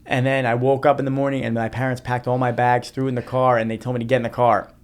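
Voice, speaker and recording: A man's voice: mid-range voice, flat delivery, quick pace. A man in his thirties from New Jersey, a podcast guest telling his own story in an earnest way, often repeating himself and restarting. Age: 30s. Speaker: guest, motivational speaker. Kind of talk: personal storytelling in a podcast interview.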